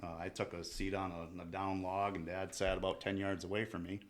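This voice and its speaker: A man telling his story as a podcast guest, in a relaxed, halting way with frequent restarts. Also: sits low. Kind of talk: casual storytelling.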